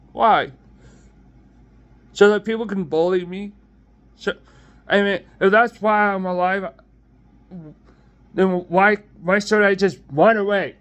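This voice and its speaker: A young man speaks slowly in a high voice, stopping, restarting and trailing off. He sounds emotional and close to tears as he talks into his own phone or webcam. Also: clear, resonant tone, highs cut off. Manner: halting, hesitant, many restarts and trailing off. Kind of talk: personal confessional vlog.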